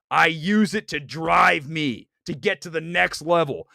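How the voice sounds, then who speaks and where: A loud, outspoken man hosts a live movie talk stream, joking and ranting. His voice sits high for a man. It is recorded close and dry, with no room sound. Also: unhurried, creaky, dry recording. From Ohio, United States. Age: adult. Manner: loud, outspoken and jokey, slips into mocking voices. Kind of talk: casual live-stream rant.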